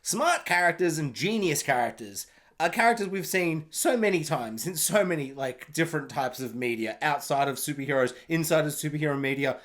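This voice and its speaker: A man with a fairly high voice rants his way through a film review. He is sarcastic and mocking, rambling from point to point and swearing freely as he goes. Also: lively intonation, a little fast, fairly bright tone.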